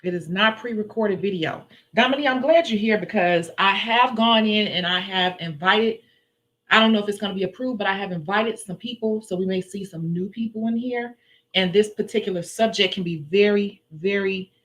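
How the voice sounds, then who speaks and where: A woman's voice: mid-range voice, normal speed. Blunt, chatty Chicago woman livestreaming. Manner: forceful, blunt, chatty, laughs often. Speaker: nail tech livestream host. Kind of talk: casual livestream chat with viewers. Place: indoors at home.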